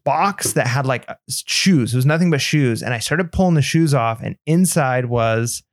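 A man's voice: medium pitch, normal speed, slight background noise. A man on a podcast telling a story in casual chat, acting out the lines of the people in it. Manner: animated anecdote telling, acts out quoted dialogue. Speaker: podcast co-host.

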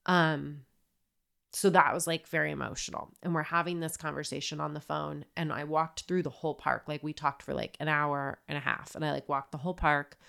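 A woman in her thirties co-hosting a podcast, telling a personal story in candid casual chat and acting out her own shouting. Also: low-pitched, steady tone, fairly quick, creaky, clean tone. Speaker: podcast co-host.

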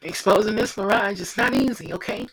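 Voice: mid-range voice, fairly quick, a bit bright, husky, low-quality recording. A preacher giving an informal devotional sermon, fervent and repetitive, speaking straight to the listener.

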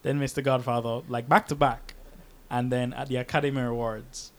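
A man's voice: medium pitch, moderate pace. A man co-hosting a casual film podcast, telling stories with lots of energy and acting out the voices of the people in them. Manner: animated storyteller acting out quoted voices. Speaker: podcast co-host.

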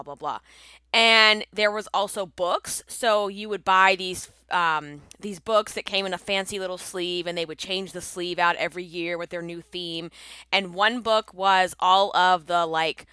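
A woman's voice: on the low side, fairly even intonation, moderate pace, bright, forceful tone, smooth, dry recording. Congested, chatty woman podcaster. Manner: chatty, upbeat, laughs often. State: congested from allergies. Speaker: podcast host and coach. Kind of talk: casual solo podcast.

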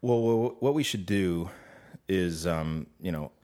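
A man's voice: sits low, slow pace, darkish tone. A man co-hosting a podcast in casual chat, easygoing and reasoning things out aloud. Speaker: podcast co-host.

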